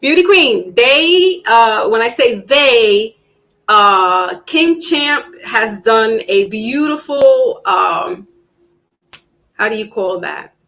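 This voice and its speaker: A woman with a fairly high voice hosts a casual live-stream panel. She chats loosely, full of fillers and restarts, and perks up when she tells a story. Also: extremely slow, low-quality recording. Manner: animated when telling stories.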